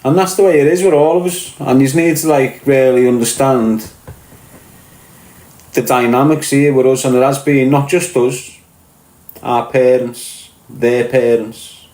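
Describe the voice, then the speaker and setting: This man, a Liverpool native with a Scouse accent, is a podcast guest giving a blunt, sweary, conversational rant in which he keeps repeating himself. He speaks unhurriedly at medium pitch, steady and a little mellow. The recording is rough, in an echoey room.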